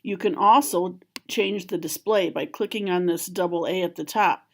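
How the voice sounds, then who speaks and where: Woman, lowish voice, calm step-by-step tutorial, library trainer. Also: normal speed. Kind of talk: screen-recorded software tutorial.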